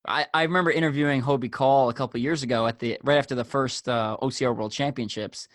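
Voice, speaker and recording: A man's voice: medium pitch, steady tone, quick pace, a bit bright, no echo, studio quality. A man hosting a casual interview, asking rambling, friendly questions. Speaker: podcast host.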